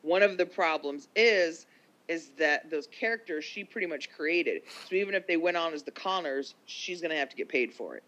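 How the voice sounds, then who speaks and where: A woman co-hosting a casual chat podcast, talking quickly with frequent laughs and quick asides. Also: deep voice, lively intonation, a bit bright. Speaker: podcast co-host.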